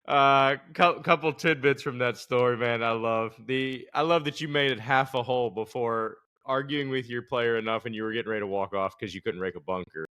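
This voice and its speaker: A man's voice: medium pitch, fairly even intonation, bright, forceful tone, clear, resonant tone. A man hosting a podcast, talking in a casual way and answering with short agreements. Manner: laid-back, quick short agreements. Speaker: podcast host. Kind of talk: casual chat.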